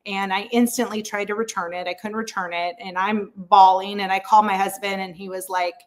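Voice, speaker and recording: A woman's voice: medium pitch, level tone, a little fast. A woman in her thirties talks candidly as an interview guest. She speaks in a frank, chatty way and tells her story with lots of fillers and easy laughter. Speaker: real estate agent guest.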